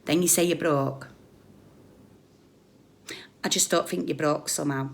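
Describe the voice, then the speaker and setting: A British woman ranting on a live stream, blunt and sarcastic, scolding someone by turns loudly and under her breath. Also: deep voice, steady tone, a little slow, creaky. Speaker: YouTube commentator.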